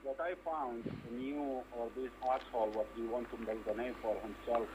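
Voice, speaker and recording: A man's voice: mid-range voice, steady tone, moderate pace, dark tone, husky, poor audio. A man on the phone in a heated argument, angry and insulting, speaking broken English. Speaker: caller.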